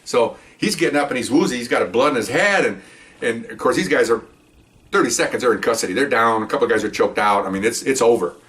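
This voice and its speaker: An older man rattles through a patrol story at a quick clip, wandering into asides and checking in with his listener. His voice comes from some distance away from the mic. He tells it casually, as a retired cop. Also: medium pitch, expressive, fairly bright tone. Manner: rambling, with many asides and "okay?" check-ins. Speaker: retired police officer telling stories.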